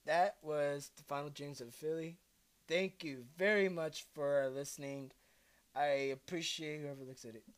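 A woman's voice: low-pitched, fairly even intonation, measured pace. A woman casually introducing her fan song cover, hesitant and apologetic, her voice strained from singing. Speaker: amateur singer presenting a fan song cover. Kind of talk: casual spoken asides between singing.

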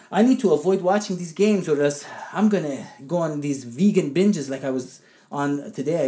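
A woman's voice: low-pitched, dark tone, roomy sound. A woman co-hosting a comedic football podcast, ranting in an indignant, sarcastic, theatrical way. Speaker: co-host and football analyst. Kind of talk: comedic sports podcast rant.

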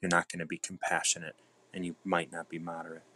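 A man with a fairly low voice hosts a daily reading show, reflecting in a calm, musing way. He trails off and restarts as he thinks aloud. The sound is dry, with no room around it. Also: dry recording. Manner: musing, unhurried, with restarts and shifts into soft tones. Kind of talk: reflective reading and casual talk.

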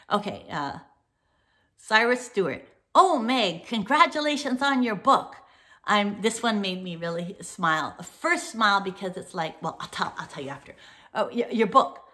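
A chatty woman hosting a casual talk to her viewers, with a bright, forward tone. She rambles through fillers and restarts, laughs easily, and livens up as she tells her stories. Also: medium pitch. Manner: animated storytelling. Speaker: host.

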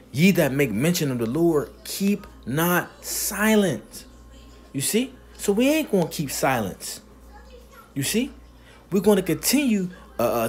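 A man preaching a sermon, reading scripture verses slowly and then explaining them, asking "you see?" again and again. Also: on the high side, a little mellow. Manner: emphatic, punctuates with "you see?".

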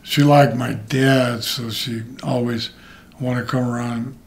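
A man's voice: mid-range voice, steady tone, slow pace, creaky, slight background noise. An older man, a retired wrestler, telling rambling and profane anecdotes in an interview. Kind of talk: shoot interview storytelling.

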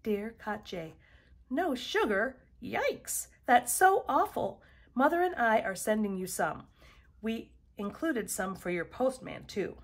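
A woman voicing a warm-hearted young American girl writing a friendly letter, in a storybook read aloud. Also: medium pitch, lively intonation, measured pace. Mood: cheerful.

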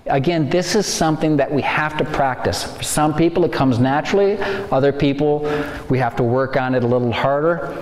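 A man giving a faith-based lecture on stress, animated and acting out worried inner voices. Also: medium pitch, brisk. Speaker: speaker. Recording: echoey hall, faint ambience.

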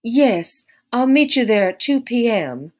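A woman voicing an anxious, suspicious young wife of a thief in a read-aloud story, with a high, wailing, fretful voice. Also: very animated, measured pace. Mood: commanding.

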